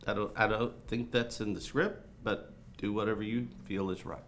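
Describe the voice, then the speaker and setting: A man's voice: on the low side, steady tone, normal speed, fairly bright tone, a little hiss or hum. An actor playing a pompous, self-important film director who coaches his cast in a condescending way. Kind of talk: student film acting.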